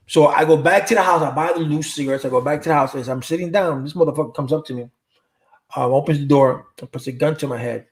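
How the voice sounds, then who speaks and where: Speaking quickly in a voice on the high side, the middle-aged livestream host rambles through stories and viewer comments, heavy on street slang and swearing, in casual storytelling chat.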